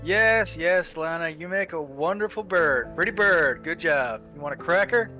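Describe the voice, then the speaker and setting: Man voicing a boastful starship pilot, teasing drawl, high voice, bright tone. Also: lively intonation, normal speed, faint music behind. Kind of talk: playing a character in a tabletop game.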